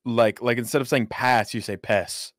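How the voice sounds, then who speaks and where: A young man co-streaming a video game, chatting casually with a deadpan, joking manner. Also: mid-range voice, brisk, no echo, clean studio sound. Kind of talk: casual chat.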